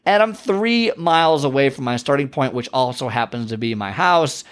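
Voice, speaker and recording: Male podcast host, casual monologue, filler-heavy and rambling, self-deprecating, mid-pitched. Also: lively intonation, moderate pace, a bit bright, clean tone. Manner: rambling and chatty, heavy with "like" and "you know".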